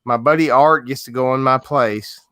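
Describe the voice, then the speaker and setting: A man's voice: medium pitch, steady tone, moderate pace, a bit bright, no room sound, clean studio sound. A man chatting casually as a guest, laughing, swearing and checking in with "right?" as he tells a story. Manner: laughing, profane, keeps saying right. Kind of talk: casual chat.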